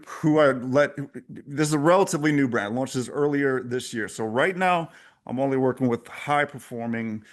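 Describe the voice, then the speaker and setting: A man speaking as a guest in an interview, intense and emphatic, with a preacher-like drive. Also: medium pitch. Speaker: podcast guest, coach. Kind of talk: candid interview talk.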